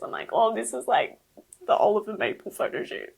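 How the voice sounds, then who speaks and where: A young woman speaks candidly and emotionally as a podcast guest. Her voice is gravelly and husky at a middle pitch. She talks in loose, unscripted bursts full of fillers and quoted speech. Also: sing-song, a little fast, poor audio. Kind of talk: personal storytelling in an interview.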